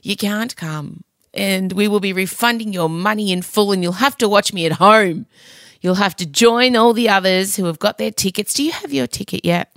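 A middle-aged woman hosting a podcast, talking in a chatty, self-mocking comic monologue with big playful swings in pitch, close to the mic. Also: normal speed, fairly bright tone, dry recording. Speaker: podcast host. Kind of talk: casual comedic monologue.

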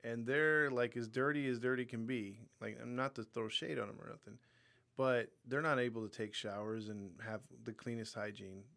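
A man's voice: mid-range voice, fairly even intonation, normal speed, gravelly, a bit bright. Laid-back young man, rambling chat. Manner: loose, rambling, full of "like" and "you know". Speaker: podcast co-host. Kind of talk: casual chat.

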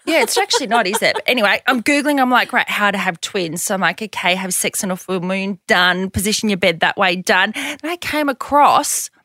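A woman's voice: mid-range voice, a little fast, hardly any pauses, no echo, clean studio sound. A woman guest on a casual podcast, telling a story with lots of laughs and acted-out quotes. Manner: animated storyteller, acts out quotes, laughs often.

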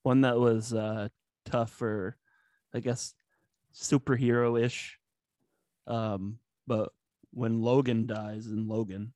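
A man's voice: medium pitch, flat delivery, slow pace, long pauses, a little mellow, dry recording. A man, a podcast guest who chats casually and hesitantly, searching for words. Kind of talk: casual chat.

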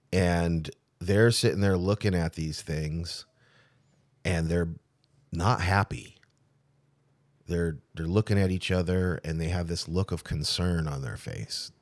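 A middle-aged man, a tattoo artist, telling his own story in a casual interview, animated and acting out the people he quotes, with frequent restarts. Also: low-pitched, a little slow, dry recording, clean studio sound.

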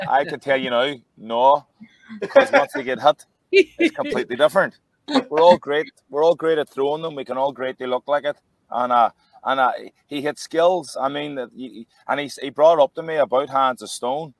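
A man's voice: mid-range voice, no echo. A man, a former boxer, telling casual anecdotes with lots of restarts. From Ireland. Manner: animated anecdotes with frequent restarts. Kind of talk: casual storytelling.

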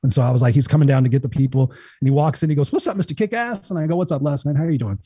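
Быстрый мужчина с глухим, тёплым голосом. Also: male voice, mid-range voice, very fast, husky, no echo. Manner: energetic, swears freely, acts out quotes. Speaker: motivational speaker. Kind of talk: casual storytelling chat.

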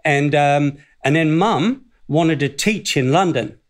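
A man's voice: on the high side, slow. Older Australian man telling rambling stories. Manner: rambling, self-deprecating, often laughs. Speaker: guest, former footballer. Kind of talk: casual interview storytelling.

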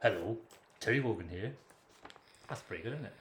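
A man's voice: on the low side, animated, brisk, fairly bright tone, voice pushed down. A man putting on an impression of a famous Irish broadcaster to tell a joke, the accent slipping toward Welsh. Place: same room as co-host, indoors. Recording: roomy echo.

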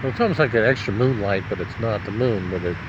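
A man's voice: lowish voice, fast, dull audio, background noise. A man from Nebraska, tipsy, rambling and swearing in a casual vlog monologue outdoors on a city street at night. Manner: rambling, profane, chuckling. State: drinking, tipsy. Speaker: vlogger.

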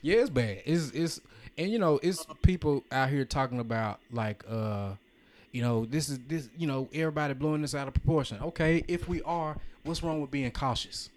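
A man's voice: a little high, normal speed, a little mellow. Joking male podcast host. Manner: joking, talks in bursts. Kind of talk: casual podcast chat.

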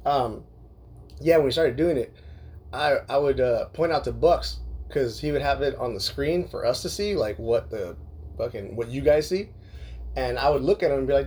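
Male podcast host from Southern California, husky voice, casual and profane, lots of fillers. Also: medium pitch, animated, normal speed, a little mellow. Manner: loose and profane, full of fillers, laughs often. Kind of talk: casual podcast chat reading listener emails.

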